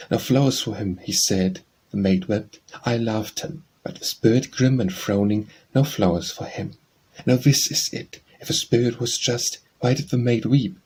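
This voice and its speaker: A man with a husky voice, reading poems aloud in a measured, solemn way as an audiobook narrator. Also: fairly low pitch, a little mellow, a little hiss or hum. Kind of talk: scripted poetry reading.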